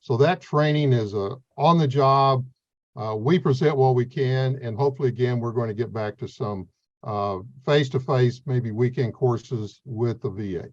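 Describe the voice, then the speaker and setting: A man's voice: mid-range voice, moderate pace. A man coordinating veteran mentors, earnestly explaining their role in an interview with plain talk and fillers. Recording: slightly dull, lo-fi sound.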